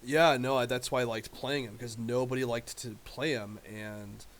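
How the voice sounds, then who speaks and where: A man's voice: mid-range voice, steady tone, moderate pace, a little hiss or hum. A man telling a rambling, profane story in casual chat as a live streamer.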